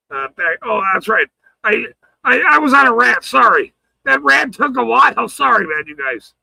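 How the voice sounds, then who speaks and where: Male streamer, angry profane rant, sharp bright voice, lively pitch swings. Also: normal speed, creaky, poor audio. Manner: profane, taunting, swings between shouting and muttering. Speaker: livestream host. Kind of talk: angry ranting livestream.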